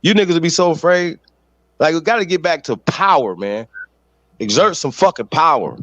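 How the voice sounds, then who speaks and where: A man's voice: a little high, expressive, moderate pace, fairly bright tone, dry recording. A man hosting a podcast, delivering heated, profane, confrontational commentary. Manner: ranting, blunt, confrontational. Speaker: podcast host. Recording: dull lo-fi sound, dry.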